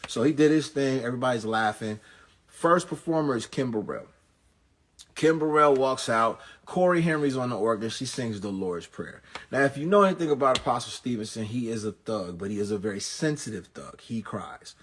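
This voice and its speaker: A pastor, recapping an event as a comedic story, full of quick jokes and asides. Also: male voice, medium pitch. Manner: animated, jokey, rapid asides and punchlines.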